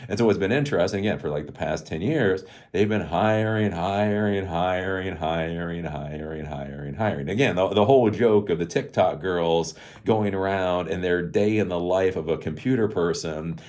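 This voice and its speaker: A middle-aged man with a notably low voice hosts a casual solo commentary. He rambles in loose, sarcastic asides and breaks into chuckles often. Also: normal speed, darkish tone. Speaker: tech commentary host.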